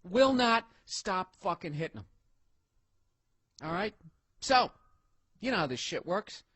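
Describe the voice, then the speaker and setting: Husky, profane man doing stand-up. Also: high-pitched, sing-song, slow pace, dry recording. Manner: loud, swearing, acts out characters. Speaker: stand-up comedian.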